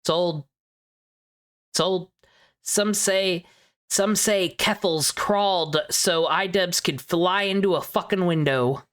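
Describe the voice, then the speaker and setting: A woman's voice: on the low side, slow pace. A young adult woman streamer giving sarcastic, mocking commentary with profanity and mock concern. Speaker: streamer reacting to videos.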